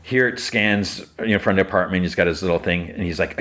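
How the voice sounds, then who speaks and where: Deep-voiced man casually recapping an episode. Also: fast talker, a bit bright. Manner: loose retelling full of "like" and restarts. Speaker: podcast host.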